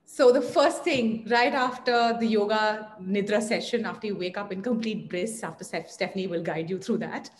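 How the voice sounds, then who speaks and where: A woman's voice: medium pitch, moderate pace, hardly any pauses, slight background noise. A woman speaking earnestly on a panel about parenting, emphatic and full of rhetorical questions. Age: adult parent. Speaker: guest speaker on yoga parenting. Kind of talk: online panel talk.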